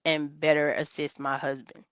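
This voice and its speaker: A woman's voice: low voice, little pitch movement, moderate pace, clear, resonant tone, no room sound, muffled recording. A woman calling in to a talk stream, earnest and rambling, restarting her sentences often. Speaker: caller. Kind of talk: casual call-in chat.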